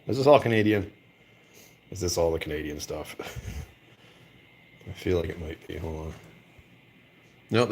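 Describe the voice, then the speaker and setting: A man's voice: deep voice, creaky, slight background noise. Guy rambling on a phone vlog in a store, lots of little laughs, voice jumps around. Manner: rambling, laughs often, thinks aloud. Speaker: whiskey channel host. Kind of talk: casual live vlog. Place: whiskey store aisle.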